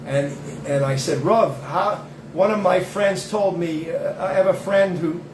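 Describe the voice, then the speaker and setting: A man giving a rambling religious monologue, emphatic and full of restarts. His voice sits fairly high. The room is echoey, with a faint background hiss. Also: unhurried. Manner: emphatic, digressive, many restarts and fillers. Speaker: host and self-styled rabbi.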